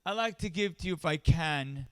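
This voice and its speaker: A man's voice: fairly high pitch, moderate pace, slight background noise. A middle-aged man, a rabbi, giving a sermon-style speech at a charity event, telling stories and building to impassioned emphasis. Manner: storytelling, rising to impassioned emphasis.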